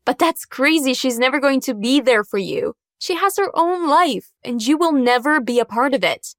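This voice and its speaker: A woman's voice: high voice, animated, normal speed, no room sound, studio quality. A woman playing a worried, pleading mom. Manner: pleading, gently insistent. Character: worried caring mother of a teen.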